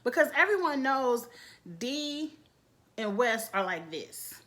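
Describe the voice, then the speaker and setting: A woman's voice: on the high side, takes it slowly. Sassy woman recapping reality TV. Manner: sassy, animated, quotes cast members. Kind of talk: casual recap commentary.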